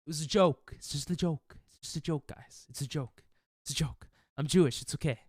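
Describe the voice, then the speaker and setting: A man's voice: fairly high pitch, a little fast, slightly rough, no room sound, clean studio sound. A male streamer in casual chat with his viewers, defensive and laughing, rambling with restarts.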